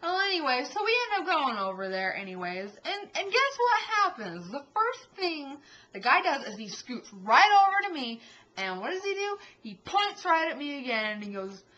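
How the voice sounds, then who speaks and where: Bright, animated young woman storyteller. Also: high voice, normal speed, muffled recording. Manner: animated, exasperated retelling. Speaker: vlogger. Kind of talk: casual storytelling.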